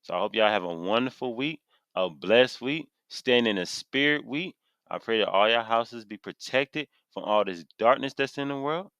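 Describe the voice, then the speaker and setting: Impassioned male preacher, AAVE, mid pitch, dry close-mic sound, reads then hammers verses. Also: lively intonation, normal speed, fairly bright tone, clear, resonant tone, dry recording, highs cut off. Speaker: street preacher teaching scripture. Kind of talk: fiery scripture sermon to camera. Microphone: camera mic.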